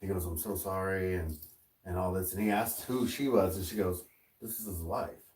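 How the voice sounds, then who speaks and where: Middle-aged guy hosting a podcast, lowish voice, telling a wild story all animated, sounds a bit far off in an echoey room. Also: moderate pace. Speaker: podcast host. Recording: roomy sound, mic at a distance.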